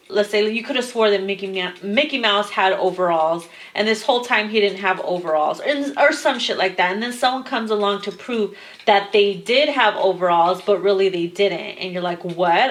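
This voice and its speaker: A woman's voice: mid-range voice, fairly bright tone. A young adult woman reading tarot, talking casually to her viewers late at night in a rambling, chatty way with some swearing. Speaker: tarot reader.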